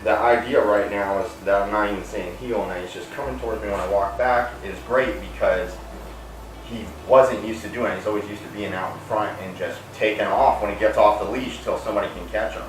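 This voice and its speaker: A man dog trainer explaining calmly to viewers while working a dog, breaking off into sharp high praise calls. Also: a little fast. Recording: roomy distant camera audio with music.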